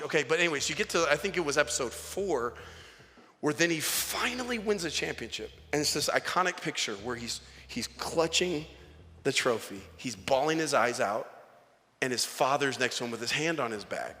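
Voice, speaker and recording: Bright-voiced youth pastor in a reverberant hall. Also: male voice, mid-range voice. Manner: casual, slangy preaching that swings from hushed asides to emphatic calls. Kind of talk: sermon. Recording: long reverb of a large hall.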